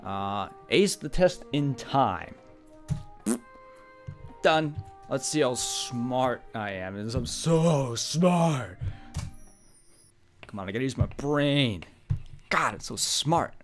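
A man doing let's play commentary, goofy, excitable and self-deprecating. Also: mid-range voice, slow, long pauses, faint music behind. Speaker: gaming YouTuber.

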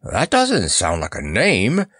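A man's voice: mid-range voice, wildly swooping pitch, slow pace, fairly bright tone, breathy edge, dry recording, studio quality, full character voice. A man voicing a pompous, blustering male king with blue whiskers, speaking in a raised, demanding tone. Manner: imperious, demanding.

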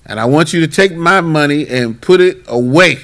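Man voicing desperate male friend, demanding, insistent, somewhat high voice. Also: normal speed, a bit bright. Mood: pleading. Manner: pleading, then cussing. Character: desperate, pleading-then-angry male friend.

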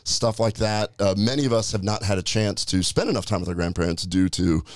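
Low-voiced relaxed interviewer. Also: male voice, a little fast, no room sound, studio quality. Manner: relaxed, conversational, prompts with questions. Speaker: podcast host. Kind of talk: casual interview chat.

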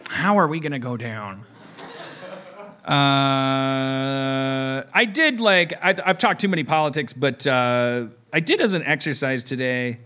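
A man hosting a podcast, talking in a rambling, animated way, restarting sentences and swearing. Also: mid-range voice, slow, smooth. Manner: rambling, restarts often, swears, acts out quotes. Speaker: podcast host. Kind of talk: rambling comedic podcast talk.

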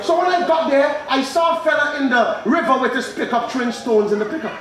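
A man preaching an evangelistic sermon, telling stories and quizzing the congregation, building to shouts. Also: very high voice, fairly quick. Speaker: pastor. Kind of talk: evangelistic sermon with call and response. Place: church or tent with congregation. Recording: very echoey hall with crowd.

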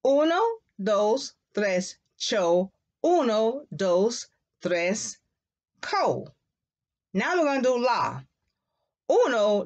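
A woman teaching a Spanish class to young children, repeating words slowly in a sing-song way for them to echo. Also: mid-range voice. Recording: dull lo-fi classroom recording.

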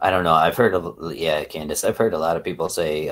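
A man with a remarkably deep, low voice hosts a casual livestream, chatting straight to his viewers. He rambles and swears freely, circling back on his thoughts as he goes. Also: flat delivery, fast talker, hardly any pauses, a bit bright, a little hiss or hum. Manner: rambling, profane, talks to chat. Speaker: livestream host.

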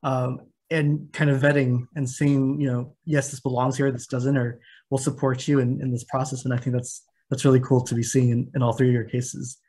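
A man moderating a panel over a video call, at an ordinary middle pitch. He frames ideas in an academic way, pausing on fillers as he goes. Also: flat delivery, warm tone, breathy edge. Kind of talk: panel discussion.

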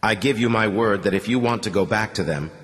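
A man voicing a quick-thinking young man who gives commanding orders and then calmly coaxes. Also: lowish voice, in a large hall, lightly acted. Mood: soft coaxing. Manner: commanding shouts, then calm coaxing. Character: young male stalker, quick-witted, urgent under pressure.

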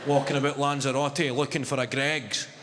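A man's voice: medium pitch, flat delivery, normal speed, heavy background noise. A Scottish man in his twenties doing a live stand-up routine, telling a story with swearing and punchy lines. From Scotland. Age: 20s. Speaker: stand-up comedian. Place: large arena, live audience. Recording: echoey arena with loud crowd laughter.

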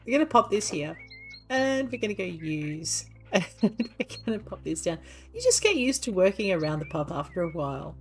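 Chatty low-voiced woman commenting on a game. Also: big pitch swings, normal speed, faint music behind. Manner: chatty, talks fondly to her dog between game steps. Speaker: gaming channel host. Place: home. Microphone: desk microphone.

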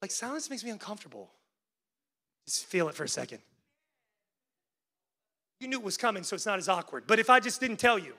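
A male pastor preaching a sermon, swinging between loud, urgent peaks and hushed lows, with casual "like" asides and calls to the congregation. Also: sing-song, a little fast, long pauses. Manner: conversational asides with frequent "like" fillers.

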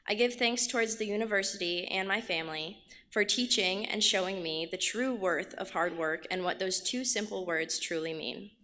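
A woman's voice: medium pitch, moderate pace, bright, forceful tone. A graduating student, a woman, reads a short, earnest speech in formal wording. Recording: reverberant hall.

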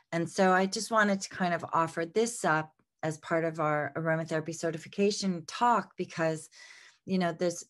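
A middle-aged woman with a low voice gives an unscripted lesson as she works through her slides. She sounds a little congested and often pauses on ums and restarts as she looks for the words. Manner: unscripted, many fillers and restarts. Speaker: aromatherapy teacher.

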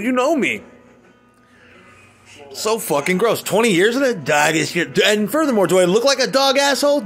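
A man vlogging an angry, profane rant, swinging between low muttering and loud outbursts.

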